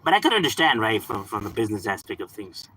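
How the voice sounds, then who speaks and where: A man's voice: fairly low pitch, very animated, fast, pushed and bright, breathy edge, low-quality recording. A young man chatting casually on a live stream, slangy and laughing often. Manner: laid-back slang, mixes in Spanish words, laughs often.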